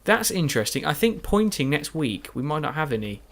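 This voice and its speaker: On the high side and a bit bright, this man's voice swings widely in pitch at a fairly quick pace. A gaming YouTuber, he records rambling commentary over gameplay afterward, yawning and tired late at night, self-deprecating and full of restarts and fillers.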